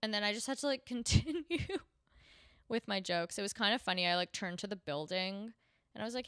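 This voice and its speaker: A woman's voice: medium pitch, expressive, a little fast, vocal fry, fairly bright tone, no room sound, studio quality. A young woman hosting a casual podcast, a stand-up comic who swears freely and acts out the people she quotes. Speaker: podcast host and stand-up comedian.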